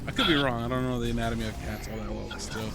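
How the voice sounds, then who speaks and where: A man chatting casually while playing a game on stream, excitable and easily distracted, often apologizing. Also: medium pitch, racing, gravelly, heavy background noise. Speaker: gamer streaming gameplay. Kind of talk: casual chat while gaming.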